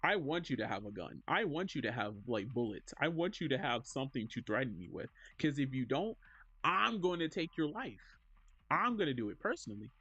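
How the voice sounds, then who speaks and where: A man streaming casually, reading chat aloud and answering in an animated, joking way. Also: medium pitch, fast, hardly any pauses, breathy edge, no room sound, highs cut off.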